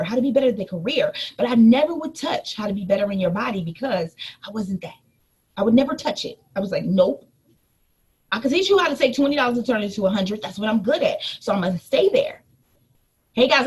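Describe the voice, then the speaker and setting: A woman in her thirties, a life coach, telling a personal story in a lively motivational talk to her audience. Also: medium pitch, slightly rough. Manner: animated storytelling, addresses listeners as y'all.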